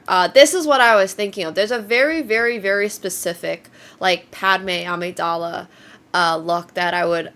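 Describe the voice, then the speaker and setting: A woman's voice: medium pitch, fairly bright tone. A woman streamer chatting casually to her viewers, a bit congested with a slightly shaky voice, rambling and thanking people as she goes. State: congested, voice shaking. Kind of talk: casual live-stream chat.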